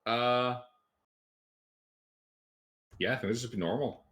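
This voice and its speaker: A man's voice: medium pitch, slow pace, a bit bright. A man narrating as game master in a tabletop game, cracking puns and laughing at his own jokes.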